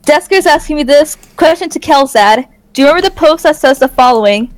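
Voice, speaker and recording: A woman's voice: sits high, lively intonation, a little fast. A woman guest co-hosting a livestream, reading questions playfully with a sassy edge. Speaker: guest co-host. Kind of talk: casual livestream chat.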